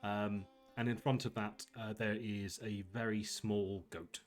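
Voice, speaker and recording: A man narrating a tabletop game as game master, in a casual, halting way with lots of fillers. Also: lowish voice, little pitch movement, soft background music.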